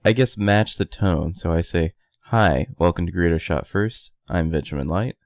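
A man with a very low, gravelly voice co-hosts a casual podcast. He talks in a dry, deadpan way, trading passive-aggressive jabs. The sound is close and dry, with no room around it. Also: moderate pace, dry recording. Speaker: podcast co-host.

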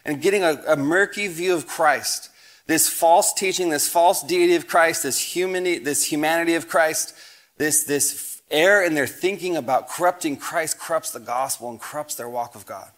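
A man's voice: a little high, moderate pace, a bit bright. A man in his thirties, a pastor preaching a sermon, reading scripture aloud and telling family stories with rising emphasis. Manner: storytelling with family anecdotes.

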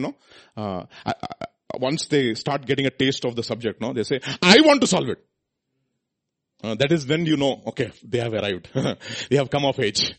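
A slightly rough, mid-range male voice preaches, swinging between booming emphasis and quiet asides while posing rhetorical questions.

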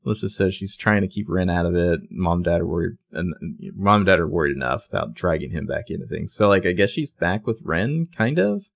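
A man's voice: deep voice, expressive, a little fast, gravelly, few pauses, no room sound. A man co-hosting a podcast, recapping a TV episode in casual chat and reading lines of dialogue aloud in a plain voice. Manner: conversational, reads out quotes in a plain voice. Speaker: podcast co-host.

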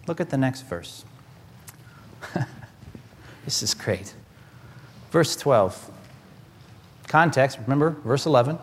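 A male pastor preaching a sermon in an animated, wry way, swinging between loud and hushed. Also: mid-range voice, slow, pauses often, a little hiss or hum. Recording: echoey hall.

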